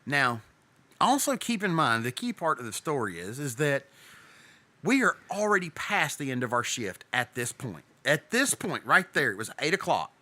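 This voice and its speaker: A paramedic and podcast co-host who tells stories in a casual way, with a lot of laughing and swearing. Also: male voice, mid-range voice, normal speed. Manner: animated, laughing, profane storyteller. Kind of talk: casual storytelling chat.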